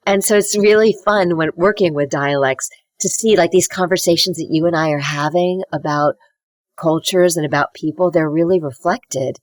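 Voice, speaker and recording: Animated woman dialect coach. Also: fairly low pitch, normal speed, dry recording. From United States. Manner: animated, demonstrative, slips into accent impressions while explaining. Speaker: dialect coach and voice actor, podcast guest. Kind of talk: casual podcast conversation.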